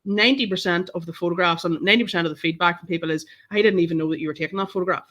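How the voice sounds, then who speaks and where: A woman's voice: fairly low pitch, racing, muffled recording. A Northern Irish woman, a photographer guest on a podcast, telling stories in casual chat and swearing freely. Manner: animated storytelling, swears freely.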